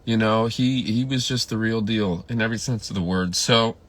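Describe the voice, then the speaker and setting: A filmmaker with a lowish voice speaks at normal speed while sharing livestream anecdotes about a colleague who died. His telling is casual and meandering, with frequent fillers, restarts, and flashes of emotion.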